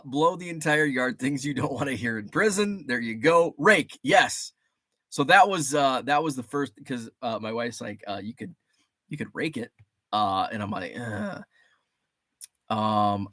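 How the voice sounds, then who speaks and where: A man telling a loose, easygoing story on his livestream, laughing often and stopping to read viewers' comments. His voice sits at an ordinary middle pitch. The sound is dry and close, with no room echo. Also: expressive, unhurried, sharp tone. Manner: rambling, chatty, laughs often, reads chat aloud. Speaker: livestream host. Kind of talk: casual livestream chat.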